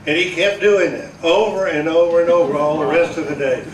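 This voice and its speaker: An older man with a fairly high voice, telling folksy, meandering stories with chuckles and restarts. He speaks to a crowd in a big echoey hall, picked up from a distant mic with a faint hiss. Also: a little fast. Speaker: veteran broadcaster giving a speech. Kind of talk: rambling storytelling to an audience. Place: large echoey event hall.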